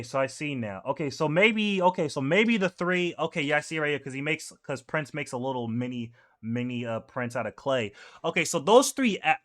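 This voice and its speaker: Young man, casual manga read-through, rambling, self-correcting, bright tense tone, higher pitch. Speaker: manga reaction host.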